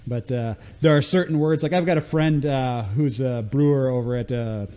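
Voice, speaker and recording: A man with a mixed American accent, hosting a casual chat and speaking haltingly with easy laughs. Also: mid-range voice, warm tone. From United States. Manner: halting, restarts, laughs easily. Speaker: podcast host.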